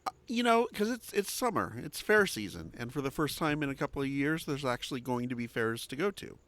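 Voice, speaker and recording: A man's voice: mid-range voice, big pitch swings, fairly quick, a bit bright. A man from Southern California co-hosting a podcast, matter-of-fact with dry quips. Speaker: podcast co-host. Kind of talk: casual chat.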